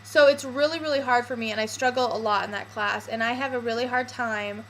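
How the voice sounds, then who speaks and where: A woman's voice: a little high, fairly even intonation, brisk, a bit bright, slight background noise, rough recording. A young woman vlogging casually and candidly, with lots of fillers. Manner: chatty, candid, with many fillers. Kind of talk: casual personal vlog.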